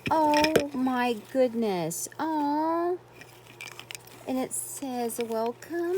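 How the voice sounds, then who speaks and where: Female craft vlogger, high, animated delivery, effusive unboxing chat, faint room noise. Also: very slow. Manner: gushing, effusive exclamations.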